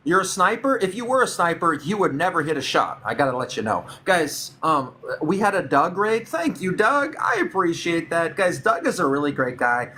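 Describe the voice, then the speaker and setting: A man's voice: a little high, very animated, normal speed, sharp tone. A man hosting a live stream debate, playful and teasing as he keeps the chat going. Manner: playful, teasing, hype-building.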